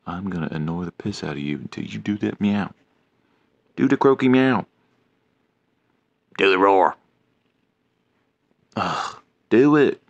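A deep-voiced man with a rough, gravelly texture keeps pestering his cat in a slow, drawn-out way. The sound is dull and lo-fi but close and dry. His tone stays teasing and nagging throughout. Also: no room sound. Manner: teasing, nagging, repeats himself. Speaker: pet owner filming his cat. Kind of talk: casual teasing vlog.

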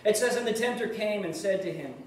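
A man with a fairly high voice preaches in earnest, pushing hard on key words and then dropping almost to a murmur. He is picked up from some distance in a very echoey room. A faint hiss sits under the sound. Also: a little fast. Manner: earnest preaching, swings between loud emphasis and hushed asides. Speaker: pastor. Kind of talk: sermon.

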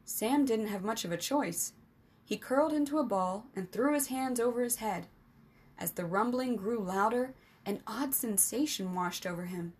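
A woman reading an adventure storybook aloud as the storyteller, with lively, expressive narration. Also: a little high, normal speed, husky.

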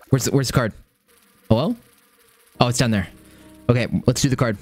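A young man giving casual live gameplay commentary, excitable and swearing often, repeating phrases under pressure. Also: mid-range voice, brisk, long pauses, faint music behind. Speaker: gaming streamer.

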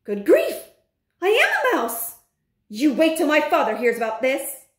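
A woman reads aloud as a loudmouthed, spoiled boy, pitched high and shouting his indignation. The voice swoops up and down. It sounds roomy and echoey. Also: huge pitch swings, a little slow, far from the mic, heavily acted. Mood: shouting indignantly. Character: greedy, loudmouthed rich boy turned mouse. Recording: roomy echo.

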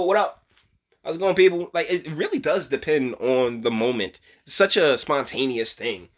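A man talking through a reaction video in loose, casual commentary. He is blunt and profane, mocks what he watches and laughs often. His pitch sits in the middle range. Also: a bit bright. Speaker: YouTube commentator.

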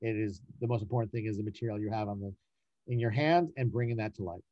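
A man, a casting director and writer, talking in a casual interview, animated and emphatic, often repeating words to stress a point. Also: fairly low pitch, fast talker, no echo, muffled recording.

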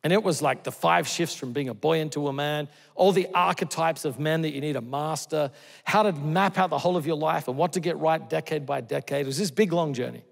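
A middle-aged man from Australia, preaching a sermon. He tells stories earnestly, moving between loud exclamations and hushed, tender lines. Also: a little high, a little fast, gravelly. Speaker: pastor. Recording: long hall reverb.

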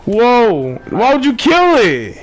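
A young man chatting and swearing loudly while playing an online game with friends. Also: extremely high pitch, wildly swooping pitch, takes it slowly. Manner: loud, swearing, teasing. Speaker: player. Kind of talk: casual game chat.

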